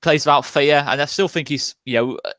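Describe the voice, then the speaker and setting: A man's voice: a little high, fairly quick, a bit bright. A man hosting a casual football fan chat, asking long, rambling questions full of restarts. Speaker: fan channel host.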